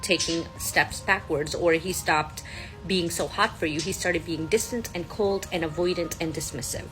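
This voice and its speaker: A woman's voice: on the low side, normal speed, over music, poor audio. A woman giving instructive dating advice with repeated emphasis in a casual vlog.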